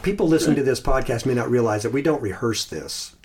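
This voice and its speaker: A man in an unhurried podcast chat, speaking at a middle pitch and thinking aloud. He stops and restarts his sentences and sometimes slows down to recite a short phrase word by word. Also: expressive, over a noisy crowd. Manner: thoughtful, halting, with restarts and slow recited phrases. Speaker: podcast host. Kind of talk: casual podcast chat about Christian meditation.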